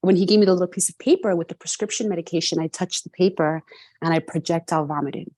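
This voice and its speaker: A middle-aged woman from New York City, earnest and mellow with a slightly low voice, reflects on her own story as a guest on a video call. She often tacks on a quick "right?", and the audio is dry, close, and free of echo.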